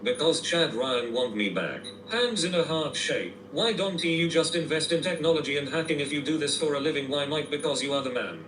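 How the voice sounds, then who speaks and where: A text-to-speech male voice reading out viewer messages in a flat, mechanical way. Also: a little high, brisk, few pauses. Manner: flat, mechanical delivery, reads out emoji names. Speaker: text-to-speech chat reader. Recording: roomy, distant and noisy playback.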